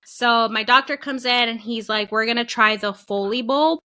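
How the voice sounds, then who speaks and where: On a podcast she co-hosts, a young woman with a voice on the high side relates her birth story at a moderate pace. It's a casual, animated telling in which she acts out people's quotes.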